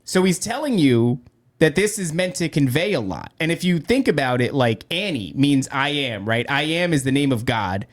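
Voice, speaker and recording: Rambling, joking man, fairly high voice. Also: very animated, normal speed. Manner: rambling, joking, full of restarts. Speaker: podcast host. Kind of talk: casual podcast chat.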